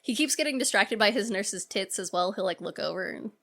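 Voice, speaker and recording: A woman co-hosting a podcast, retelling a film scene by scene with lively acted-out quotes. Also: mid-range voice, brisk. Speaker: podcast co-host. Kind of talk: casual film recap chat.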